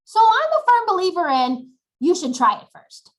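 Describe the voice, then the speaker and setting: A woman presenting a webinar, demonstrating routines in an animated way, recorded on a webcam at home. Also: very high voice, normal speed, roomy sound, poor audio. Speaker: workshop presenter.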